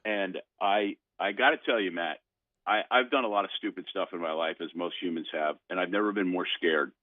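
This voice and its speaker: A man's voice: low voice, fairly quick, no room sound. Older man telling a story down a phone line. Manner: animated storyteller with frequent restarts. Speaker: radio show guest. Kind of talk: storytelling on sports talk radio. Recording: dry phone-line sound.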